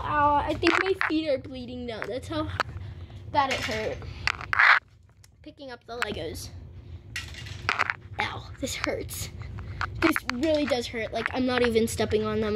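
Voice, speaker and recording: A woman's voice: on the high side, measured pace, very noisy. A woman chatting casually in a home vlog, playful and dramatic as she complains about pain. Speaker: vlogger. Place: house, at home.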